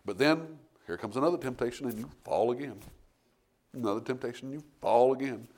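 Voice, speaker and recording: A middle-aged man preaching a sermon, telling homey stories and building to forceful emphasis. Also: mid-range voice, a little fast. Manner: folksy storytelling preacher, rising to forceful emphasis. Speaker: pastor.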